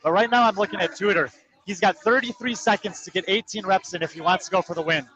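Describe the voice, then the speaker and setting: A man giving live play-by-play commentary on a fitness competition, calling times and placings in quick, precise detail. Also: high-pitched, a bit bright, low-quality recording. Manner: rapid, precise, number-heavy calling. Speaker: sports commentator.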